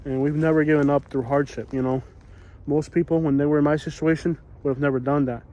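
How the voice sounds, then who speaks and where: A man's voice: a little high, level tone, fast, dark tone, highs cut off. A man out of breath, walking through hot woods and talking in a rambling, folksy way full of "you know," as he vlogs. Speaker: vlogger exploring homeless camps. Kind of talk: casual walking vlog narration. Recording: faint outdoor ambience.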